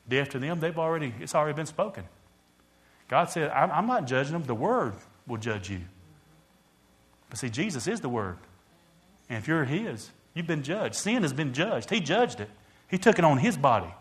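A male preacher with a fairly high voice addresses the congregation in a sermon, growing loud and then dropping to quiet.

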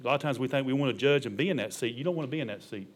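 A man's voice: medium pitch, rapid-fire. A middle-aged male pastor preaching a sermon, emphatic and colloquial, punctuating his points with amen and hallelujah.

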